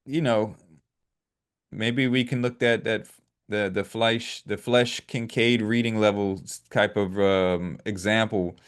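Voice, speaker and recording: A man co-hosting a political talk show, speaking in a measured, hesitant way with a dry humor. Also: lowish voice, fairly even intonation, clean tone. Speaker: podcast co-host.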